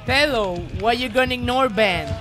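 Excitable high-voiced swearing woman streamer. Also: moderate pace, over music. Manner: excitable, swearing, yelling at teammates. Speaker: streamer playing a game. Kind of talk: live game commentary.

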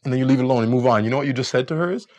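A man's voice: mid-range voice, rapid-fire. A man giving casual dating advice, telling stories and acting out both sides of conversations. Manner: animated storyteller, acts out both sides of conversations. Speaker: dating coach.

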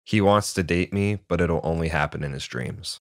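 A man's voice: low voice, moderate pace, no room sound, clean studio sound, close to an everyday voice. A man voicing a two-faced teenage girl with a mocking manner in a storybook tale. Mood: scornful.

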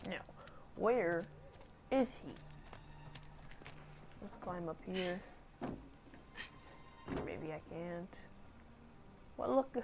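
A woman's voice: lowish voice, animated, drawn-out words, long pauses, a little mellow, a little hiss or hum. A young woman with a stuffy nose giving blunt, jokey let's-play commentary. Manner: blunt, jokey, swears at the game. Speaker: gaming channel host.

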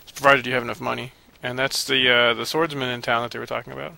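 A man's voice: mid-range voice, little pitch movement, quick pace, creaky, few pauses, bright, forceful tone, a little hiss or hum. A man giving rambling, casual commentary while playing a video game, cranky and profane and often laughing. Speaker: let's play commentator.

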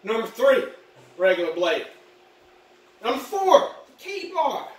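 A woman playing a boastful, rambling male ex-Marine patriot dad in a comedy monologue, shouting one moment and muttering the next. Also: sing-song, takes it slowly. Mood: blustering. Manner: boastful, rambling, shouts then drops low. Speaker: comedy vlogger. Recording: roomy echo, mic at a distance.

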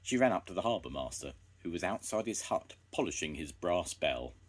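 An older man reading a children's story aloud, gentle and expressive. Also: low-pitched, a little fast, slightly rough.

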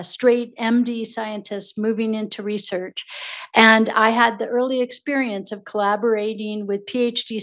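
A woman's voice: fairly high pitch, a bit bright. A woman physician scientist giving unrehearsed, heartfelt remarks as she accepts an award.

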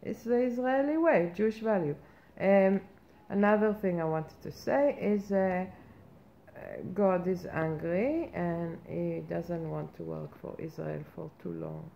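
A woman's voice: fairly low pitch, a little slow, gravelly, warm tone. A woman playing a brash, self-important female reporter persona in a satirical comic monologue, ranting in a mock-earnest way with outraged questions. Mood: blustering. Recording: muffled lo-fi recording with faint background noise.

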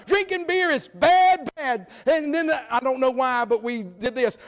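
A middle-aged man preaching a sermon in a church, folksy and emphatic, swinging between loud calls and quiet asides. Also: extremely high pitch, brisk, hardly any pauses. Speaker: guest preacher. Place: church sanctuary.

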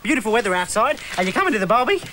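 A man playing a cheery, dim young Australian surfer with a put-on Australian accent and a high, loud, excitable voice. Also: racing, slight background noise, heavily acted.

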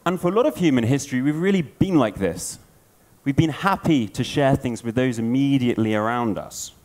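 A man speaking at a conference, telling a tale in an animated way. His pitch sits in the middle of the male range but rises and falls a great deal. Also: fairly quick. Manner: animated storyteller. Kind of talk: storytelling conference talk.

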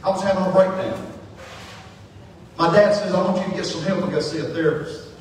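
A man preaching his testimony, impassioned, swinging from hushed words to shouting. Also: high-pitched, fairly quick, slight background noise. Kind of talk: sermon testimony. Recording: echoey hall, distant mic.

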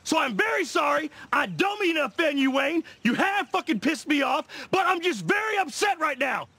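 Kenny Powers, a profane loudmouth. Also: male voice, extremely high pitch, big pitch swings, brisk, husky, no echo, heavily acted. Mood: shouting apology. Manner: profane, shouting, blustering. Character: brash hot-tempered washed-up man, yelling.

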